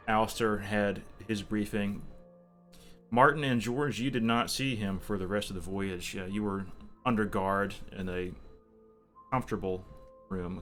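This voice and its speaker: Low-voiced man running a tabletop game. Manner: relaxed, halting narration with many fillers. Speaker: game master. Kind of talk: narrating a tabletop role-playing game.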